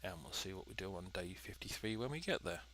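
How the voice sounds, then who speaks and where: Lower-voiced man narrating gameplay. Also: expressive, fast, a bit bright, slight background noise. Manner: chatty, dry, methodical. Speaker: let's play host. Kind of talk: gameplay commentary.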